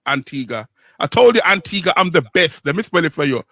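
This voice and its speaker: Lively, playful male co-host. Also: on the high side, brisk. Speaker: co-host and quizmaster. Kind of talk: casual chat, teasing.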